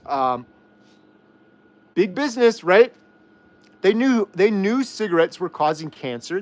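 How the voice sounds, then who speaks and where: High-voiced man ranting heatedly. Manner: heated, argumentative, rhetorical questions. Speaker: host. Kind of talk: livestream chat and rant.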